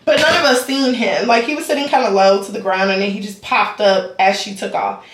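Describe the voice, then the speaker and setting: A young woman, telling a story to her vlog camera in a dramatic, animated way with laughs. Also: medium pitch, a little fast, echoey room. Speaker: vlogger. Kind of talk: casual storytime chat.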